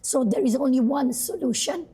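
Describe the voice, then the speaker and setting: A woman with an Iranian accent talks in a high, strained voice, hoarse and worn from a day of shouting. She speaks with fierce conviction, as a guest in a live TV interview. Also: moderate pace. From Iran. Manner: impassioned, emphatic. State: hoarse, lost voice. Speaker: guest journalist.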